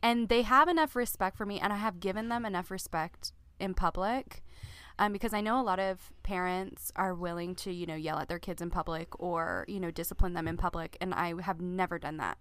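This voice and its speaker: A middle-aged woman with a smooth, resonant voice talks earnestly about parenting. Her voice sounds dry and close, and she muses with plenty of fillers. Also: fairly low pitch, a little fast, fairly bright tone, dry recording. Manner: earnest, reflective, with many fillers. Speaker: podcast co-host. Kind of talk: casual parenting chat.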